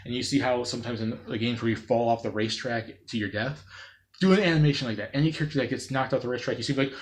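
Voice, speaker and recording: A man giving unscripted gaming commentary, rambling and excitable, with many fillers and restarts and loud bursts into playful sound effects. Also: medium pitch, fast. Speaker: gaming video creator.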